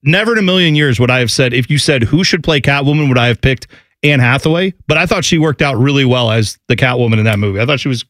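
A man chatting casually on a podcast, telling rambling, animated stories. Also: mid-range voice, quick pace, no room sound, studio quality. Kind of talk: casual chat.

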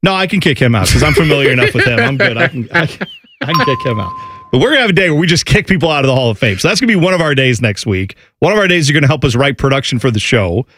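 Fast-talking man hosting sports radio. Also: mid-range voice, very animated, a bit bright, no echo. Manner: rambling, joking, loose. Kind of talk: casual sports talk.

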